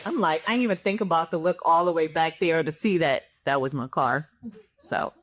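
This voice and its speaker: A woman on a discussion panel, telling a personal story in an animated way and acting out the quotes. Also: deep voice, a little fast. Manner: animated, acts out quotes with laughter. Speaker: panel guest. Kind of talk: casual storytelling.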